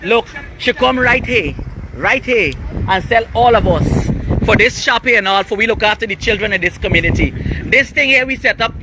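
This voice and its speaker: An indignant man with a high-pitched voice vlogs on the go from a vehicle. Loud traffic noise surrounds him the whole time. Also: expressive, normal speed. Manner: indignant, talks while riding in traffic. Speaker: community worker. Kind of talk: on-the-go vlog.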